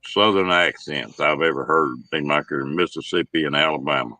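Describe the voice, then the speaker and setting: A deep, low-voiced man chatting slowly and easily on a livestream. His tone is bright and forward, and the sound is dry and close, with no room around it. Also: no echo, low-quality recording. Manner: slow drawling talk, laughs a lot. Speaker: host. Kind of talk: casual livestream chat.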